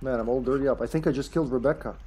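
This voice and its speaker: A man's voice: mid-range voice, very fast, mellow, breathy edge. A man streaming a horror game with friends, chatting casually and jokingly, laughing often and trailing off mid-sentence. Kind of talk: casual gaming chat.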